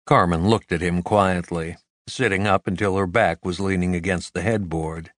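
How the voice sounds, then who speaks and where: A man reading an audiobook in a measured, steady narration, recorded close in a studio. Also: deep voice, no room sound. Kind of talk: scripted narration. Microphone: close studio mic.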